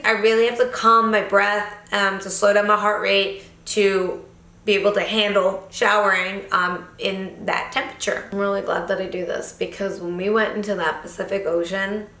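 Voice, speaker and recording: Bright-voiced woman telling her story. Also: mid-range voice, echoey room. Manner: candid, animated storytelling. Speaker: vlogger. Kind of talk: reflective vlog narration.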